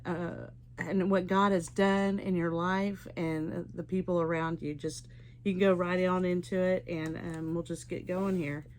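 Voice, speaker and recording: A woman from Oklahoma hosting a casual interview, rambling with many restarts. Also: on the low side. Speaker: host.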